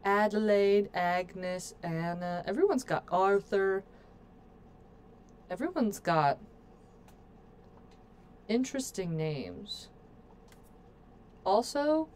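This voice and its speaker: A woman's voice: medium pitch, expressive, drawn-out words, long pauses, darkish tone, clear, resonant tone. A woman streaming a game, chatting playfully to her viewers as she plays. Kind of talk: casual gameplay commentary.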